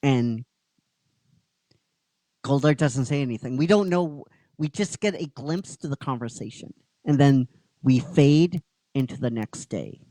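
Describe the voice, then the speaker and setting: A male host casually retelling a story with a lively, swinging pitch and an unhurried pace. He halts and restarts often and drops the odd swear word, all sounding dry and close to the mic. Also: no room sound, low-quality recording. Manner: halting, with restarts, occasional swearing. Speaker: show host.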